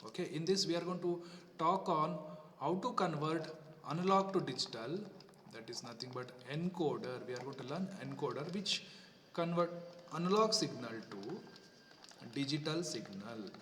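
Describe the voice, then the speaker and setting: A man's voice: fairly high pitch, normal speed, fairly bright tone, roomy sound, long reverb tail, recorded from a distance, slight background noise. A man giving a classroom lecture. He explains step by step, repeats himself and says "okay" often.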